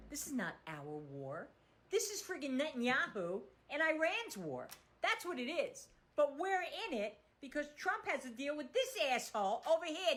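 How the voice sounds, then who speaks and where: Woman, high voice, bright sharp tone, angry profane rant, sarcastic. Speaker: political commentator.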